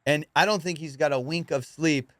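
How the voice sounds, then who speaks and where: Higher-voiced man hosting comedy podcast. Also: moderate pace, no echo. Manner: animated, profane, laughs often. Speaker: podcast host. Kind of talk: casual comedic storytelling.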